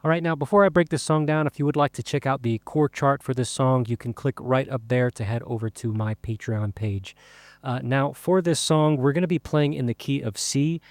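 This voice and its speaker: A man teaching a guitar song in a relaxed, casual way, counting beats aloud with frequent fillers. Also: mid-range voice, a little fast, dry recording. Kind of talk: casual spoken lesson.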